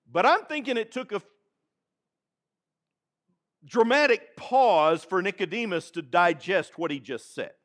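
A man with a Texan accent preaching a sermon in church, dramatic and animated, calling on the congregation to answer back. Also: high-pitched, measured pace, pauses often. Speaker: pastor. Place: church sanctuary.

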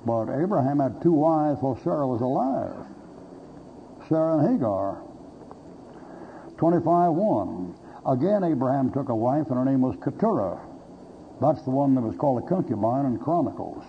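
A male pastor delivers a sermon packed with folksy anecdotes and blunt jokes, acting out the voices in his stories. His voice sits at a middle pitch. The recording is dull and lo-fi, with a faint hiss underneath. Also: lively intonation, moderate pace.

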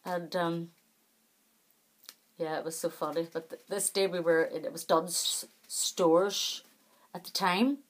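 A middle-aged woman talks casually to her camera with a somewhat low voice. She rambles from one thing to the next in a chatty, self-deprecating way. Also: fairly even intonation, takes it slowly, pauses often. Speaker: vlogger.

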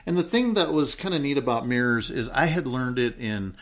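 A man co-hosting a casual podcast chat, explaining his ideas through work stories. Now and then he slows right down into a low, calm, downward-falling voice to show it off. His voice sits at an ordinary pitch for a man. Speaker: podcast co-host.

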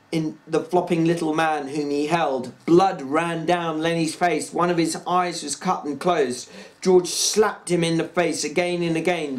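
A man narrating a novel aloud in a dramatic, expressive reading. His voice sits a little high and carries the action along. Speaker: reader.

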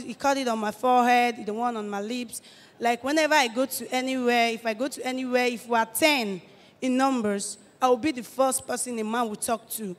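An eighteen-year-old woman with a Nigerian accent gives a halting personal testimony, often restarting her phrases. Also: fairly high pitch, big-room sound. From Delta State, Nigeria. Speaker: testifying church guest.

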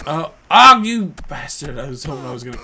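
A man commentating his own video game play, joking around and bursting into loud, profane outbursts. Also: on the high side, fairly quick, gravelly. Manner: profane, excitable outbursts and rambling jokes. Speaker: gameplay commentator.

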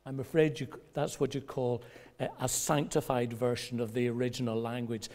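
A male pastor preaching a sermon in a measured way, pausing for effect and rising in pitch when he quotes others. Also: flat delivery. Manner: measured preaching with dramatic pauses; rises in pitch and loudness when quoting voices. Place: church.

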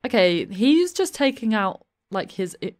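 A young woman giving chatty let's play commentary, often slipping into quick asides in her characters' voices. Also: medium pitch, very animated. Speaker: gameplay commentator. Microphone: desk USB microphone.

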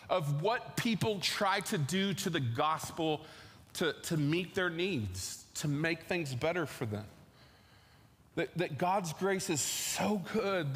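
Chatty preacher in a reverberant hall. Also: male voice, on the high side, fairly bright tone, slight background noise. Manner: conversational, many "like" fillers and rhetorical questions. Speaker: pastor. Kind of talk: sermon. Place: church hall.

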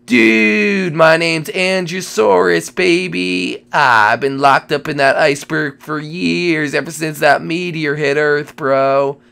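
A man's voice: on the high side, slow, creaky, hardly any pauses, pushed and bright, clear, resonant tone, full character voice. A man doing a drawling surfer-dude dinosaur. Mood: laid-back. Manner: drawling slacker slang, says dude constantly. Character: laid-back surfer-dude male dinosaur thawed from ice. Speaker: Minecraft role-play player.

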